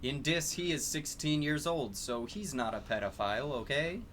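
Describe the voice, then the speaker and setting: A man co-narrating a comedic dramatic reading in a slow, dry manner. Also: fairly high pitch, expressive, a bit bright, faint music behind.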